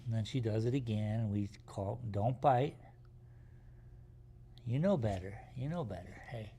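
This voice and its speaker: A man on a live stream, talking softly and soothingly to his puppy, hushing her and explaining how he calms her down. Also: on the low side, unhurried, a little hiss or hum. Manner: soft, soothing talk to a puppy, hushing and praising. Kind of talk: casual live-stream chat. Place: art gallery workspace.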